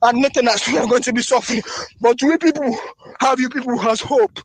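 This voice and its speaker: A man with a strikingly high, husky voice pours out a fervent, pleading appeal. He hammers the same short phrases over and over, recorded as a dry, close phone voice note. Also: fairly even intonation, brisk, no echo. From northern Nigeria. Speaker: voice-note caller.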